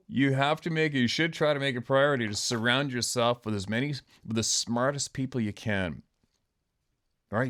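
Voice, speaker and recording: A man's voice: on the low side, fairly bright tone. A man hosting his own show, delivering an angry, profane monologue rant full of sarcasm and scorn. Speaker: host.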